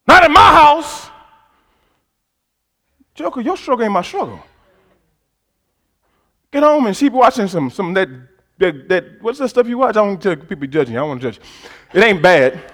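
High-voiced preacher swinging soft to shouting. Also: male voice. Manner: swings from quiet conversational asides to loud shouted preaching; talks directly to the congregation with call-and-response prompts. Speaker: pastor. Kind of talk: sermon.

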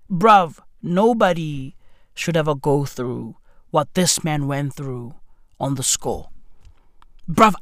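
A woman, ranting comically in loud, profane, exclamatory slang. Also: fairly low pitch, no echo, studio quality. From South Africa. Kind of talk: comic rant.

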